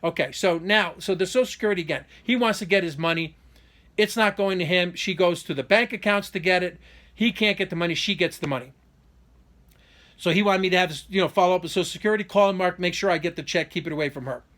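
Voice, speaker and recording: A man's voice: high voice, fast, fairly bright tone. A man talking straight to camera in an unscripted monologue, rambling with frequent restarts and an indignant, aggrieved tone that speeds up in bursts on key points. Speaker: vlogger giving a personal update.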